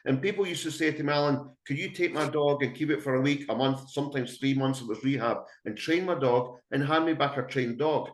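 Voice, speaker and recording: A man's voice: mid-range voice, brisk, hardly any pauses. A middle-aged man, a dog trainer giving a blunt, emphatic webinar talk full of anecdotes to dog owners. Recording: echoey room.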